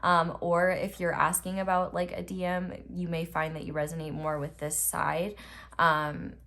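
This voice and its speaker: A woman's voice: fairly low pitch, flat delivery, moderate pace, fairly bright tone. Chatty young woman reading tarot. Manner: chatty, rambling, lots of filler words. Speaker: tarot reader. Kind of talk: casual pick-a-card tarot reading.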